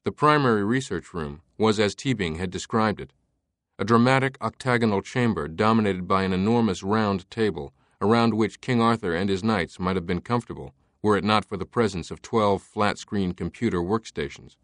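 Male audiobook narrator, measured and even, low-pitched, dry recording. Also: no room sound. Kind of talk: scripted narration.

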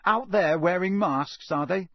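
A man voicing a sneering, mocking teenage boy who drawls his lines slowly. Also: on the high side, lively intonation, fairly bright tone, dry recording, clean studio sound. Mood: drawling sneer.

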